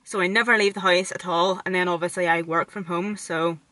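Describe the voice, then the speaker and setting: A woman's voice: lowish voice, steady tone, brisk, pushed and bright, dry recording, poor audio. A woman in her twenties with a Northern Irish accent, chatting casually to camera from a parked car and filling her talk with "like". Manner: chatty, rambling, fills talk with "like". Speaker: vlogger.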